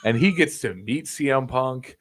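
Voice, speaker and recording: A young man in casual podcast chat, telling a swearing-filled story with lots of restarts and asides. His voice sits at a middling pitch for a man. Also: moderate pace, fairly bright tone. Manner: profane, rambling storytelling, full of restarts. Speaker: guest, wrestling videographer.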